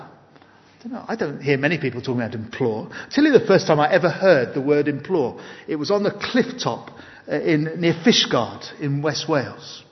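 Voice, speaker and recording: An earnest man delivering a sermon with a slightly raised pitch, pressing his points with emphasis and weaving in personal anecdotes. His voice carries a long reverb tail through a church hall, heard on a muffled recording. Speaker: preacher.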